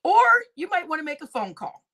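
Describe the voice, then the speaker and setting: A woman's voice: high voice, very animated, fairly quick, a little mellow. A woman YouTube commentator giving casual gossip commentary, laughing often, swearing freely and repeating her phrases.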